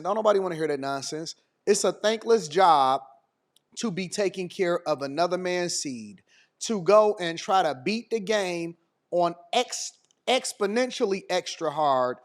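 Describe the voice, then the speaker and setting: A man's voice: sits high, unhurried. A man hosting a channel, reacting to a clip with blunt, emphatic, slangy commentary. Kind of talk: opinionated commentary.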